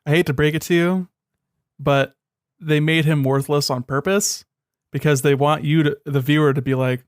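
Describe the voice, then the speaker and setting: A young man co-hosting a podcast, sardonic and profane, often dropping into a low, dismissive mutter. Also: steady tone, moderate pace, smooth, dry recording, clean studio sound. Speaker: podcast co-host. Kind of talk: casual chat.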